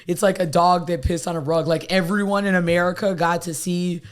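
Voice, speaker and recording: A man's voice: high voice, little pitch movement, a little fast. A man co-hosting a podcast in loose casual chat, rambling with lots of fillers and laughing asides. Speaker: podcast co-host.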